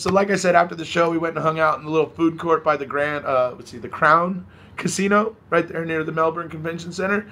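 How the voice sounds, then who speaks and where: A hoarse man hosting a casual live stream, chatting, reading viewer comments aloud and laughing often. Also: on the high side, moderate pace, bright, forceful tone. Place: at home by a balcony.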